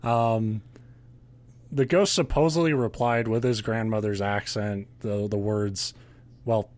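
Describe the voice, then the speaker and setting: A man's voice: on the low side, steady tone, a little slow, darkish tone. A man hosting a podcast, retelling a ghost legend in casual chat with a sarcastic, profane manner and frequent laughs. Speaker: podcast host.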